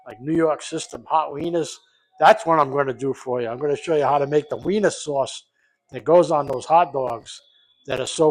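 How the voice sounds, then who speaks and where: A middle-aged man from Rhode Island, rambling loosely and swearing as he makes a recipe in his home kitchen. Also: medium pitch. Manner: rambling, profane, loose and jokey. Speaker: home cook vlogger. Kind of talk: casual cooking vlog.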